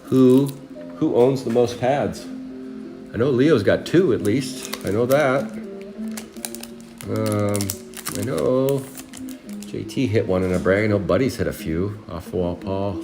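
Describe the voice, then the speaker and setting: A man's voice: on the low side, unhurried, pauses often. A married man casually hosting a live trading card break, rambling and chatting with viewers by name while listing cards. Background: music.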